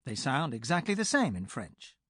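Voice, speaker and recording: A man reading a scripted language lesson for an audiobook, speaking clearly and explaining step by step. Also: mid-range voice, very animated, moderate pace, fairly bright tone, no room sound, studio quality. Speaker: language tutor.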